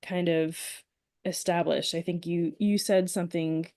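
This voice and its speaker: A woman hosting a podcast, asking thoughtful questions with hesitant pauses. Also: lowish voice, steady tone, mellow, dry recording, studio quality. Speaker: podcast host. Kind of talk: interview questions.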